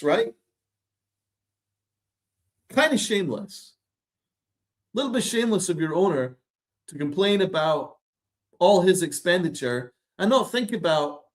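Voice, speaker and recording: Sarcastic, ranting male podcast host. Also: high voice. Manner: sarcastic, exasperated, profane. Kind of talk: ranting sports commentary.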